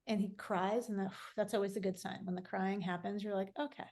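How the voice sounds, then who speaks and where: A woman's voice: medium pitch, flat delivery, brisk, a little mellow. A middle-aged woman speaking candidly as a podcast guest, reflective and often restarting her sentences. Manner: reflective, talks in restarts and fillers. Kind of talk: candid conversational interview.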